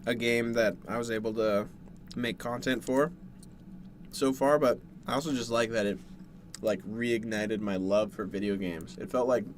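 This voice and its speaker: A man's voice: on the low side, fairly even intonation, normal speed, a little hiss or hum. Young man chatting to viewers while eating. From Canada. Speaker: streamer. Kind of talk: casual chat with viewers. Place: dark bedroom at home.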